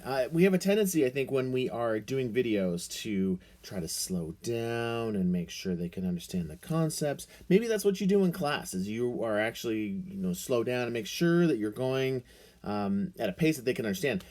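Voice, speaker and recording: An energetic man talks through screencast tips like a teacher. His pitch swoops up and down in a lively, animated way, and he keeps the tone playful and excited. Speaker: teacher making a screencast tutorial. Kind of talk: upbeat instructional talk to camera.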